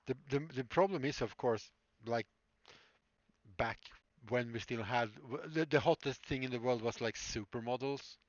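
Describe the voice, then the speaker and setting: A man's voice: medium pitch, moderate pace, dry recording, muffled recording. A man streaming live as a prop maker, rambling casually and answering chat with frequent laughs. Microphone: streaming mic.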